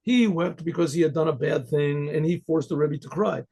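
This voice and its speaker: A man, a rabbi, telling a Chassidic story in a conversational way, clearing his throat often. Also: fairly high pitch, moderate pace, mellow.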